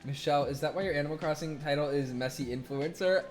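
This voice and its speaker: A man's voice: on the high side, fast talker. Man chatting and laughing on a live stream. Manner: laughs often, loose and swearing, voice swings from loud to mumbled. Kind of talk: casual live-stream chat, reading viewer messages aloud. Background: faint music.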